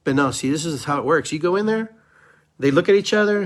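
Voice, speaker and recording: This middle-aged podcast host has a high, slightly bright voice and speaks a little fast with animation. Alone on the mic, he delivers an impassioned, preachy monologue, repeating phrases for emphasis.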